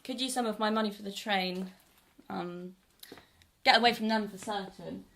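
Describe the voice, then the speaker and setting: An actress playing a defiant young runaway who speaks in a guarded, blunt way. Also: female voice, medium pitch, moderate pace, gravelly, fairly bright tone. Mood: flat. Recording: roomy echo.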